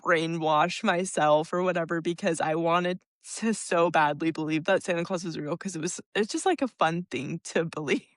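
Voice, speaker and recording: A woman's voice: fairly low pitch, normal speed, hardly any pauses, dry recording, studio quality. A young woman co-hosting a podcast, chatting casually, giggling often and filling her speech with "like.". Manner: giggly, laughs often, many fillers. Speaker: podcast co-host.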